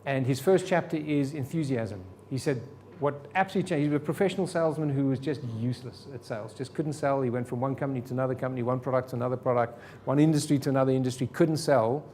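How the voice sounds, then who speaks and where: Man, sales trainer, live seminar, animated, rhetorical questions, mid pitch, faint rumble behind. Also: fast talker, few pauses. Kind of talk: live seminar talk to an audience. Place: meeting room with audience.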